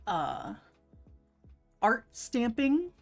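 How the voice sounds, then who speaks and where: A woman's voice: on the high side, big pitch swings, extremely slow. A woman hosting a casual livestream, chatty and giggly, greeting her chat by name. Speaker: livestream host. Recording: faint music underneath.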